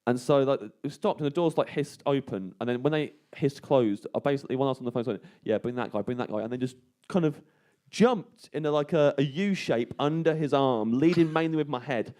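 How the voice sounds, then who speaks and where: A man's voice: mid-range voice, fairly quick. Male comic storyteller, rambling and self-deprecating, mid-range voice, live on stage. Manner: hushed and tense when re-enacting fear. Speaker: comedian guest telling a story.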